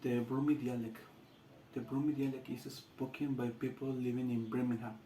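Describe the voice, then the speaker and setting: A man with a Latin American Spanish accent, a student giving a class presentation in halting English with restarts. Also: medium pitch, level tone, dark tone, roomy sound, a little hiss or hum, poor audio.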